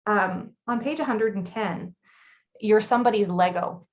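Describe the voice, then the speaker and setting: A woman in her thirties co-hosting a casual chat, blunt and chatty with quick laughs. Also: medium pitch. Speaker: podcast co-host.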